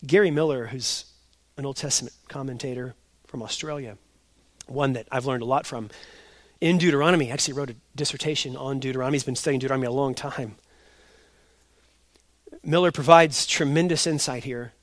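A pastor preaching an expository sermon. He sets loud, emphatic stresses against quiet asides, and he repeats his key points slowly. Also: medium pitch, no echo.

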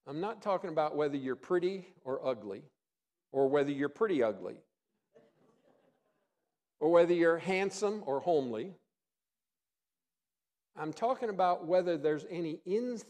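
Preacher with big swings in volume. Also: male voice, fairly high pitch, expressive, normal speed, pauses often, a little mellow. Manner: emphatic, rises and drops in volume for effect; folksy humor. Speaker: pastor. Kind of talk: sermon.

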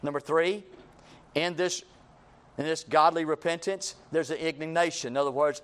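Man preaching with loud high bursts. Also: normal speed. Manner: preaching with sudden loud high bursts and quiet low asides; acts out quoted voices of sinners. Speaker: pastor. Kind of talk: sermon.

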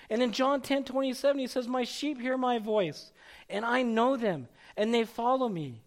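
High-voiced man preaching a sermon. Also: normal speed. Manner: preaching with rising intensity, calling out names. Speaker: pastor.

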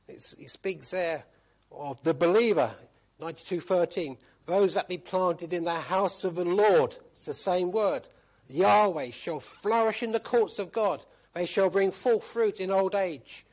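Emphatic high-voiced male preacher. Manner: emphatic, repeats key phrases; asks rhetorical questions. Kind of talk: sermon.

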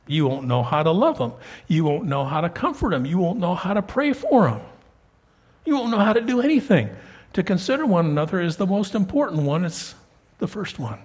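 A man's voice: high-pitched, very animated, brisk, a little mellow, slightly rough. A middle-aged man preaching a sermon as pastor in a church, talking to his congregation in a conversational way and rising emphatically on key points. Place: church sanctuary.

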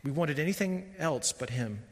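A man preaching a sermon as pastor, speaking emphatically and building to loud, fervent peaks. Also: a little high, expressive, moderate pace, slightly rough, long reverb tail.

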